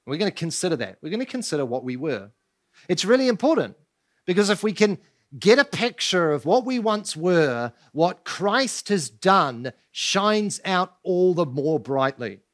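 A man's voice: high voice, big pitch swings, measured pace, fairly bright tone. Emphatic male preacher, rising and falling. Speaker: pastor. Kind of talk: sermon. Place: church.

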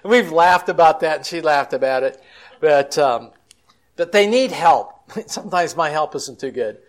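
A man's voice: a little high, animated, moderate pace. Male christian counselor, folksy storyteller, slightly raised voice, chatty talk. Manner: folksy, chatty, acts out quotes. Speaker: Christian counselor and conference speaker.

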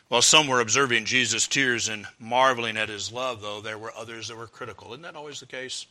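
A man preaching a sermon earnestly, rising to fervent appeals and dropping low for quoted prayers. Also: a little fast, bright, forceful tone.

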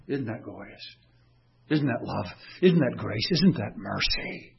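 A man preaching a sermon, swinging between raised, emphatic declarations and quiet, tender passages. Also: medium pitch, very animated, unhurried, creaky, slightly rough, lo-fi sound. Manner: impassioned, swinging from raised, emphatic lines to quiet, soft reflection.

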